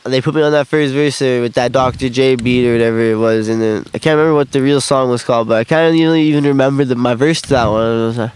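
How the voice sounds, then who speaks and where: Outdoors on grass, a young man in a casual interview tells stories from his life, rambling, swearing, laughing often, acting out quotes, and freestyling. He speaks fast with hardly any pauses, in a medium-pitched, fairly even, darkish, clean voice.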